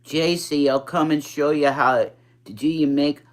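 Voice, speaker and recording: A drag performer with a New York accent, in their forties, chats candidly and crudely on a livestream, wandering from topic to topic without hurry. Their medium-pitched voice stays fairly even in intonation, with a mild speech impediment and occasional shifts into a baby-girl, childlike sound.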